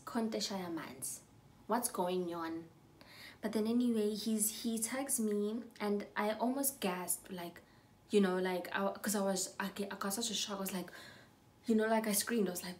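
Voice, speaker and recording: A young woman telling a storytime while getting ready, chatty and animated, sometimes dropping to a whisper. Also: medium pitch, a little slow. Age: young adult. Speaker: vlogger.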